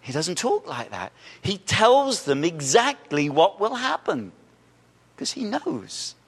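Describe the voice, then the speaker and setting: A male pastor preaching a sermon, animated, acting out quoted voices and asking the congregation questions. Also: sits high, slow pace, gravelly, breathy edge. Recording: reverberant church hall.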